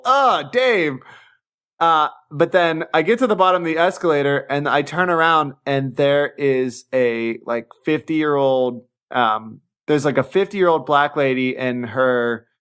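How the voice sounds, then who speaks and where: Brief: young man, podcast host, somewhat high voice, animated swearing storyteller. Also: smooth. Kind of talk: casual storytelling chat.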